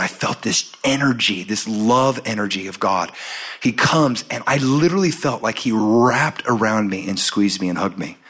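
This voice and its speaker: A man preaching a sermon and telling a personal story, acting out the voices in it with lively storytelling. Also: on the low side, breathy edge. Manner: animated storytelling, acts out his own and God's lines.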